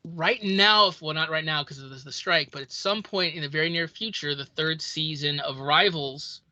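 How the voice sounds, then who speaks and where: Bright, dry-sounding podcast co-host. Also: mid-range voice, normal speed, dry recording. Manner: animated storyteller, acts out quoted lines. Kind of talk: casual film chat.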